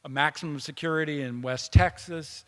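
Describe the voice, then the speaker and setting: A man's voice: a little high, normal speed, fairly bright tone, clear, resonant tone, close to an everyday voice. Man quoting a barking prison sergeant. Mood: menacing. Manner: barking orders. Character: stern threatening male prison sergeant. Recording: long reverb of a hall.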